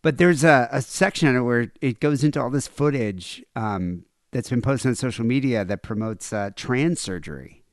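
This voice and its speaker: A man's voice: medium pitch, normal speed, no echo, clean studio sound. A middle-aged man co-hosting a comedy podcast, jokey and playful. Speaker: podcast co-host. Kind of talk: casual comedic chat.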